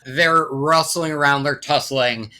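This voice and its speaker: Male co-host, bright, slightly high voice, easygoing recap delivery. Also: steady tone, a little slow. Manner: recounting scenes, amused. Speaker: podcast co-host. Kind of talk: casual movie review chat.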